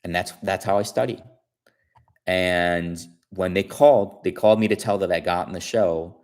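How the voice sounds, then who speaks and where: A man tells a story on his stream in a relaxed, chatty way. His voice is low and deep, and he loops back over his own words and restarts sentences as he goes. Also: moderate pace. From Chicago area. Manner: rambling, repeats himself, many restarts. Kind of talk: casual storytelling.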